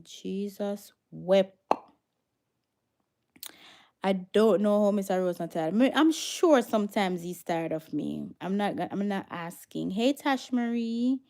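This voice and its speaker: A woman's voice: mid-range voice, gravelly, mellow. A Jamaican woman hosting a casual livestream, chatting with viewers and slipping into patois. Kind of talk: casual livestream chat, reading viewer comments.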